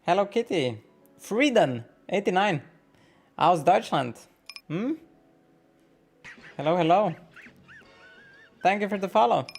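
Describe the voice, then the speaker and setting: A male poker streamer with a somewhat high-pitched voice, thinking aloud through every hand. He swears freely and keeps asking himself why he feels nervous while he chats with viewers. Soft music plays faintly underneath. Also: expressive, takes it slowly, creaky, long pauses, slightly rough. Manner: thinks out loud about hands, swears often, questions his own nerves. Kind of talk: live-stream commentary while playing.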